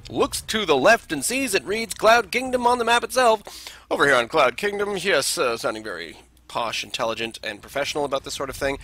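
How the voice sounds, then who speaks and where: A man commentating a game replay in a casual, rambling way, drifting off into jokes. His voice is bright and gravelly, and he sounds congested from a cold. His pitch swings widely as he talks. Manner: rambling, with joking asides. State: has a cold, congested sinuses.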